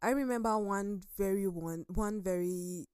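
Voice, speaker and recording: A woman's voice: medium pitch, a little slow, darkish tone, clear, resonant tone, no room sound. Reflective woman, dry studio sound. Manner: storytelling, reflective. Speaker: talk show panelist. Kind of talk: casual studio chat.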